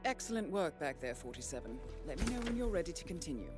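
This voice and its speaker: A woman voicing a calm female handler who briefs an assassin in a video game, speaking in a composed, measured way. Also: low voice. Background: game music.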